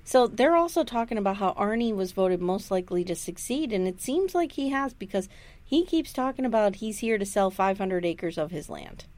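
A woman's voice: mid-range voice, animated, normal speed, darkish tone. A woman co-hosting a casual chat, recapping a show, who acts out quotes and swears freely. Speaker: podcast co-host recapping a TV episode.

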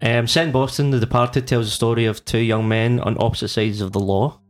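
A man co-hosting a film podcast, quick and halting with restarts as he sums up a plot. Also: mid-range voice, fairly even intonation, soft background music. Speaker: podcast co-host. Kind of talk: casual chat, reading a plot summary.

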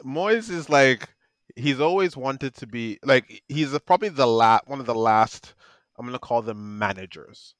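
A man's voice: medium pitch, measured pace, a bit bright, dry recording. A man co-hosting a casual football podcast, talking emphatically and laughing often. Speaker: podcast co-host.

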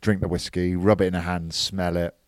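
A man's voice: low voice, little pitch movement, brisk, no room sound. A man co-hosting a casual podcast, telling stories and chatting with his friend. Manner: chatty, laughs at own stories, acts out mates' voices. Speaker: podcast co-host.

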